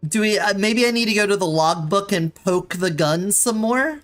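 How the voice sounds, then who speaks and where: A woman's voice: medium pitch, moderate pace, faint music behind. Exasperated woman streamer pleading with a game. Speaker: VTuber streamer. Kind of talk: casual gameplay streaming chat.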